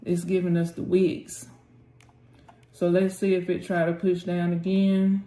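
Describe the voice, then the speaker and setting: A woman's voice: on the low side, flat delivery, a little slow, dark tone. A woman hosting a live trading session, calling out prices and urging the chart on with short prayers and terms of endearment. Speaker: trading channel host. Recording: roomy echo with faint music.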